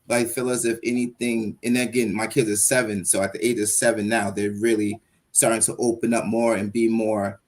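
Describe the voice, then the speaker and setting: A man in his thirties talks on a podcast in a fairly low voice. He speaks in an animated way and slips into quick bits of dialogue as he explains himself. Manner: animated, acts out parent dialogue. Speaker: podcast guest. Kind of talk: casual chat.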